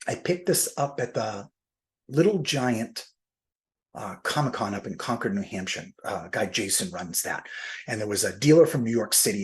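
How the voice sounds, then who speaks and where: A man with a very husky, rough-edged voice at an everyday middle pitch. He talks casually while he unboxes, thinking aloud and poking fun at himself. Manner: chatty and self-deprecating, thinking aloud. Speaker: comic book collector.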